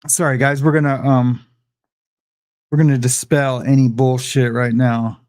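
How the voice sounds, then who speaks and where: A man's voice: mid-range voice, flat delivery, measured pace, a little mellow. A young adult man hosting a livestream, rambling defensively and repeating himself in a heated rant. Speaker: livestream host.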